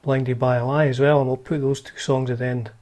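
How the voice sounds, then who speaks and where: Man, vlog host, casual, wry, rambling fillers, middle pitch. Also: flat delivery, brisk, darkish tone. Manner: chatty and wry, with many fillers and restarts. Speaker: guitar channel host. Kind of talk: casual talk, showing old magazines.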